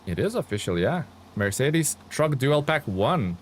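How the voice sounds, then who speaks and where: An excitable man chats casually with his viewers while playing on a live game stream, speaking readily at an unhurried pace. His voice sits at a middle pitch, with a faint hum of noise behind him.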